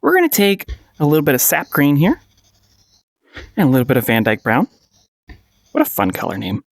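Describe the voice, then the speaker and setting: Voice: medium pitch, wildly swooping pitch, fairly quick, no room sound, clean studio sound. A painting instructor giving a casual paint-along tutorial, playful and encouraging, often giggling and repeating short phrases.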